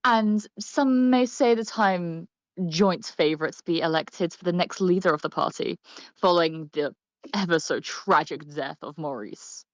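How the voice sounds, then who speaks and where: A woman voicing a smug, left-wing male politician, speaking slowly and deliberately. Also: lowish voice, dry recording, lightly acted.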